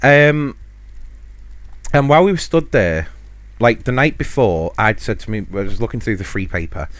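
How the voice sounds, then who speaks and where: A low-voiced man chats casually into a dry, close microphone. He rambles through stories, pokes fun at himself and chuckles often. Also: animated, moderate pace, dry recording. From United Kingdom. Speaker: podcast host. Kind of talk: casual solo storytelling.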